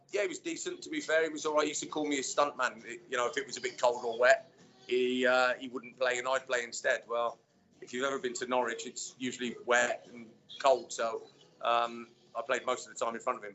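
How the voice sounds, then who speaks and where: Bright-voiced man telling football stories. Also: medium pitch. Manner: relaxed storyteller, many fillers. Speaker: former footballer guest. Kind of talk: casual interview chat. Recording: dull lo-fi sound.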